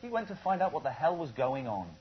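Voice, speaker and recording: A man presenting satirical news, delivering jokes in a deadpan style. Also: a little high, quick pace. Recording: dull TV audio with audience noise.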